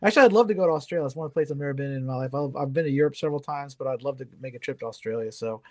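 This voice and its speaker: American male guest in his middle years, rapid and enthusiastic delivery. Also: medium pitch, a little mellow. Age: middle-aged. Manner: fast, enthusiastic, chatty. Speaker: podcast guest. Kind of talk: casual chat.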